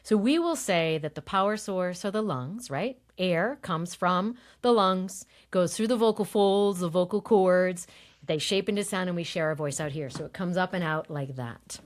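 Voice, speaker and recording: A woman voice coach talking in an interview, explaining breath and voice with lively demonstrations and easy laughter. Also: fairly low pitch, moderate pace. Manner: animated, demonstrates voice techniques, laughs easily. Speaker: voice coach guest.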